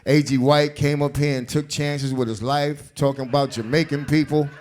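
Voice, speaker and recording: A man's voice: a little high, steady tone, moderate pace, darkish tone, slight background noise. A man with a New York accent doing a stand-up comedy set on a live club stage, bantering loosely with the crowd in street talk. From South Bronx, New York.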